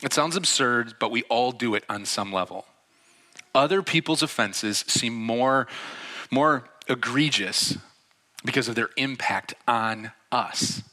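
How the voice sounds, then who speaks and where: Man preaching, bright voice, chatty storytelling, acts out quotes, church audience. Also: medium pitch, lively intonation, unhurried. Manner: conversational storytelling with laughs and acted-out quotes. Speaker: pastor. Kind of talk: sermon. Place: church before a live audience.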